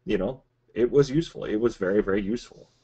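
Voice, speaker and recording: A man with a very deep voice, talking as a podcast guest. He rambles and drifts off topic in a loose, conversational way. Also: fast talker, warm tone, breathy edge, muffled recording. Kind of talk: casual podcast discussion.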